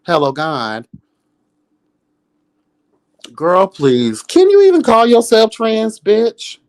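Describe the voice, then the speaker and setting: A man's voice: high-pitched, huge pitch swings, slow, a little mellow. A man hosting a live reality TV review, roasting cast members in a sassy, profane way and laughing often. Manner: sassy, profane, calls everyone girl and bitch. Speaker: reality show commentator, host.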